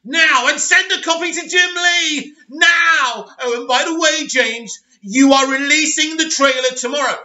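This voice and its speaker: A panicked female studio boss, as a man puts her on, shrieks orders in a very high, piercing voice. Her shouted commands ring through a roomy space. The sound is dull and lo-fi. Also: animated, drawn-out words, few pauses, exaggerated voice. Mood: frantic, bossy. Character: shrill, panicking female studio executive, bossy and frantic.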